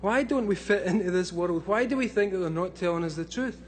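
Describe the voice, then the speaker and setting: A man's voice: high voice, brisk, a little hiss or hum. A man in his thirties from Scotland with a Scottish accent, giving a profane, rambling talk to an audience while drunk, laughing often between lines. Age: 30s. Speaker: convention speaker.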